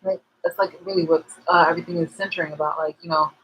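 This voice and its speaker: A woman's voice: lowish voice, steady tone, fast, a bit bright, a little hiss or hum, poor audio. A woman vlogger chatting casually to her viewers, rambling and frank, swearing freely.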